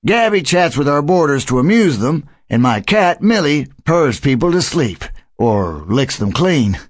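A man voicing a kindly older grandfather who keeps animals, speaking in a gentle, welcoming way. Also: on the high side, very animated, measured pace, no echo, studio quality, voice pushed up. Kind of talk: audiobook character voice.

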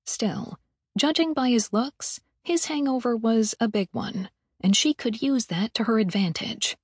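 A woman reading an audiobook aloud in an even, measured storytelling manner. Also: fairly high pitch, husky, dry recording, studio quality. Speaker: audiobook narrator. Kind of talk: scripted audiobook narration.

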